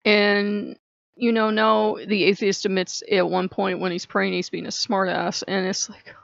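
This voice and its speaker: Female vlogger, heated sarcastic rant, gravelly, dry dull recording. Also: mid-range voice, level tone, a little slow, fairly bright tone, no echo. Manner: heated, swearing, sarcastic, laughing. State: angry. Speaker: channel host. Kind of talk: casual ranting vlog. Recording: dull lo-fi sound.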